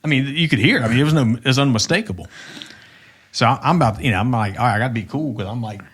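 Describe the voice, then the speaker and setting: Middle-aged male co-host, swearing storyteller who restarts his sentences a lot, average pitch. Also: rapid-fire, a bit bright, breathy edge. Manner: rambling, profane, frequent restarts. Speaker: podcast co-host. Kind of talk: casual storytelling chat.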